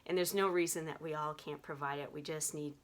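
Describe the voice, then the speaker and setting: A middle-aged woman hosting a self-help video, talking reflectively with gentle, musing delivery and many fillers. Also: sits low, steady tone, fairly quick. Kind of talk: reflective talk to camera.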